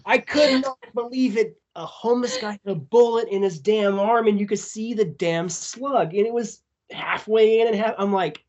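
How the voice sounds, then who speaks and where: A man guesting on a podcast, telling a story in a casual, profane, animated way. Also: sits high, normal speed, hardly any pauses, lo-fi sound. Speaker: tattoo artist.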